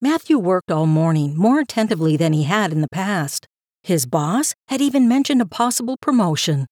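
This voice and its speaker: A woman reading a story aloud in a calm, even storytelling manner with a gentle lilt. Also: on the low side, normal speed, no room sound, clean studio sound. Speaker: narrator. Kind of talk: scripted story narration.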